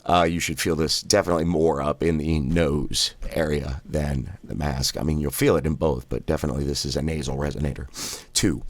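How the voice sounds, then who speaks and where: A man guiding follow-along voice exercises, counting out reps and cracking relaxed jokes between drills. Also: a bass voice, fairly quick, dry recording, studio quality. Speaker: voice exercise guide.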